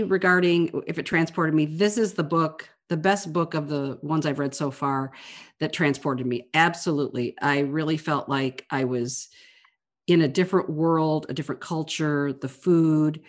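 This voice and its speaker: A woman co-hosting a casual book-club podcast as a librarian, earnest and animated, often restarting her phrases. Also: low-pitched, normal speed.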